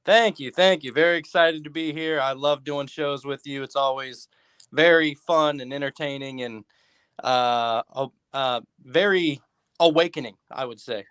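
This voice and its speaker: A man's voice: mid-range voice, a little slow, fairly bright tone, clean tone, no room sound. A man who hosts a podcast, talking as a guest in a rambling, casual way with many fillers. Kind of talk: casual interview talk.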